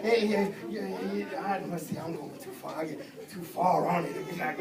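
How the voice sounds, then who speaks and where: A middle-aged evangelist preaching a sermon, telling humorous stories in an informal voice and building to shouted exhortations. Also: male voice, sits high, animated, a little fast, recorded from a distance. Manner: swings from soft storytelling to shouted exhortation; informal, humorous, repeats phrases. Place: church sanctuary. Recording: echoey church hall from off mic. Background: congregation calling out responses.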